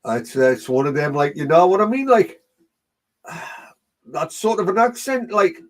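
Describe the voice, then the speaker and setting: A man's voice: high-pitched, sing-song, moderate pace. A man with a Geordie accent, working as a medium and chatting through a live online reading session while greeting viewers by name.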